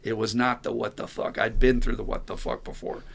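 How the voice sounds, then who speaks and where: Gravelly blunt man talking recovery. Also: mid-range voice, fairly even intonation, fairly quick. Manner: blunt, swears freely, tells stories. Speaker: podcast host and recovery sponsor. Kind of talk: candid podcast conversation.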